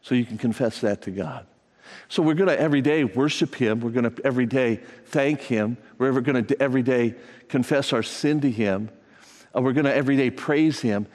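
An older man preaching a sermon, telling folksy stories with repeated phrases and sudden rises in pitch. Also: brisk, a little mellow. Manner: folksy storytelling with repetitions and pitch jumps. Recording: long reverb of a large hall.

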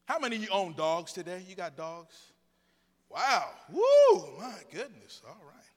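A man with a high, sharp, animated voice preaches a sermon in a church at normal speed, with a long reverb tail. Joking and telling stories playfully, he uses call-and-response to draw answers back from the congregation.

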